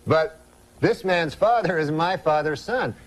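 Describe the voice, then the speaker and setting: A brash, chatty cab driver, played by a man, who talks in a blunt, matter-of-fact way. His voice sits a bit high. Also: animated, a little slow, poor audio.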